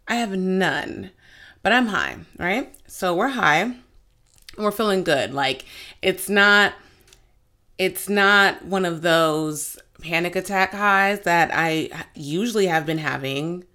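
A woman in her twenties hosting a casual podcast, telling stories in an animated, giggly way with sudden loud outbursts. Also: lowish voice, slow pace. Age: 20s. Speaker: podcast host. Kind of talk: casual chat.

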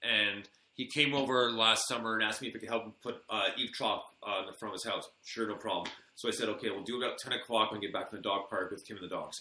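A man hosting a live online show, telling lively anecdotes in casual chat and acting out the lines of the people in them. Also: fairly low pitch, quick pace, hardly any pauses. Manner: animated anecdotes, acts out quoted lines. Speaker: host. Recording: echoey room with faint noise.

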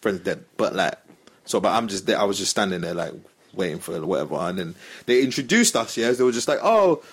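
A man's voice: deep voice, animated, brisk, slightly rough. A young man telling a story on a podcast, acting out the voices of the people in it. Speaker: podcast host. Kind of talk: casual storytelling chat.

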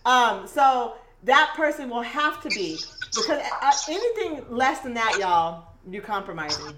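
A woman's voice: a little high, sing-song, a little slow. A woman from Eugene talking in casual chat, emphatic and reflective, with many affirmations. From Eugene, Oregon. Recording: noisy recording.

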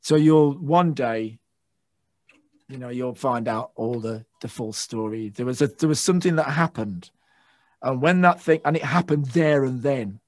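A man, a guest guitarist, telling excitable stories in a casual interview, swearing and acting out shouts. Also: mid-range voice, measured pace, no room sound, faint music behind. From England.

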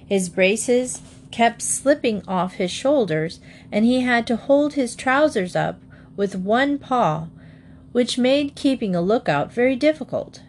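Woman narrator, unhurried storybook reading, light background hiss. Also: mid-range voice.

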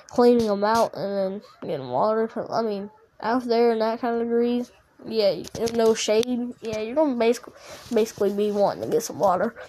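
A woman's voice: fairly high pitch, mellow. A woman telling a casual story in a rambling, profane way, full of restarts and fillers.

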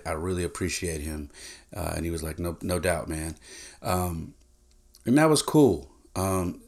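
A man hosting a podcast, telling a casual story in a direct, chatty way with many fillers and restarts. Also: sits low. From San Jose, California. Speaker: podcast host.

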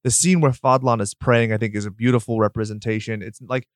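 A man co-hosting a podcast, chatting casually about a movie, excitable and quick to rant and swear. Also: mid-range voice, no room sound, studio quality. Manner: excitable, swears, gets loud when ranting. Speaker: podcast co-host.

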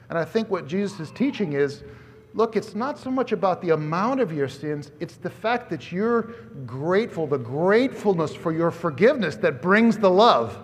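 A man preaching a sermon as pastor, in an animated, conversational way that swings between loud and hushed. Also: sits high. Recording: long hall reverb.

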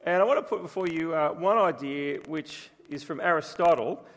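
A man's voice: a little high, normal speed, fairly bright tone. A man preaching a sermon as pastor, telling stories in a chatty, humorous way. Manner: chatty storytelling with humour. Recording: long reverb from a large room.

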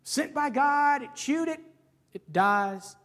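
A man preaching a sermon in a conversational, animated way, often checking in with his listeners and rising to stress points. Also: very high-pitched, takes it slowly. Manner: conversational, frequent "right?" asides. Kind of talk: expository sermon.

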